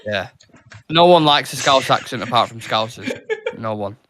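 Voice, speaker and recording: A young man from England trades blunt, sweary banter while co-hosting a football watchalong. His voice is bright and forward, pitched at an ordinary middle height. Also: expressive, moderate pace, a little hiss or hum. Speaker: co-host. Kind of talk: casual live watchalong chat.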